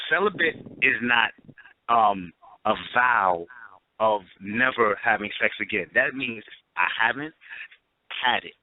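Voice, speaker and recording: A man's voice: on the low side, expressive, slow pace. A man co-hosting a casual chat, joking and teasing with emphatic delivery. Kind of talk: casual chat on a call-in show. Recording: noisy tinny phone line.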